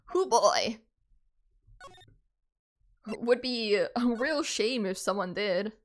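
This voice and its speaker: A woman's voice: medium pitch, lively intonation, drawn-out words. A woman streaming a game, reading its text aloud and joking with her chat. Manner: chatty, jokey, talks to chat.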